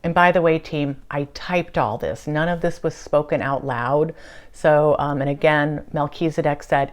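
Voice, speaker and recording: A woman hosting her own show, giving an earnest, halting spiritual monologue with many fillers and restarts. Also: deep voice. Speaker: channeler and show host.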